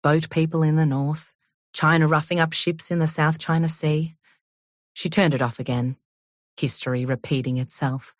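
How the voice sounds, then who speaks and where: A woman reading an audiobook in a measured, unhurried storytelling manner. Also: low voice, steady tone, dry recording, clean studio sound. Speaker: audiobook narrator. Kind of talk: scripted audiobook narration.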